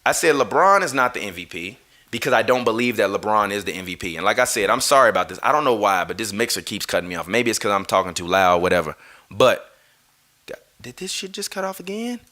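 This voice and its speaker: Man, live-stream basketball rant, bright forceful voice, argumentative, swears a lot, mic through a mixer. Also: on the low side, animated, fast talker. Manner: heated, swearing, argumentative, apologizes over audio trouble. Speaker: basketball podcast host.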